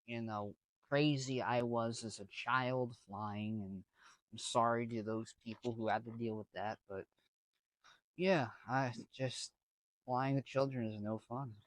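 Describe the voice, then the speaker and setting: A man's voice: mid-range voice, steady tone, measured pace, no echo. A man casually telling a story to camera, rambling with slang and many restarts. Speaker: vlogger.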